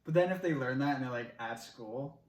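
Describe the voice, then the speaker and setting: A man's voice: medium pitch, fairly quick. A man co-hosting a casual reaction chat with dry, squeamish asides. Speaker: co-host. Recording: echoey room, far from the mic, noise.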